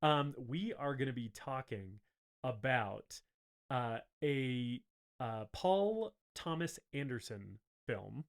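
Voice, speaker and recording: A man's voice: medium pitch, expressive, takes it slowly, creaky. A man co-hosting a movie podcast in casual, crude, joking chat. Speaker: podcast co-host.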